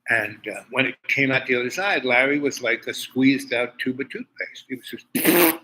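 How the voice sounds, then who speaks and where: An older man from Harlem talks through a meandering story, circling back on himself with restarts and asides. His voice is bright and forward. A faint hiss of noise sits under the recording. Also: medium pitch, moderate pace, poor audio. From Harlem, New York. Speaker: host. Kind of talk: rambling personal monologue.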